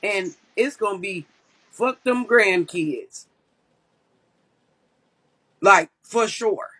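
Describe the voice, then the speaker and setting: A woman's voice: mid-range voice, very slow, slightly rough, low-quality recording. A woman co-hosting a casual live-stream commentary, blunt and profane as she tells stories. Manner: blunt, profane, animated storytelling.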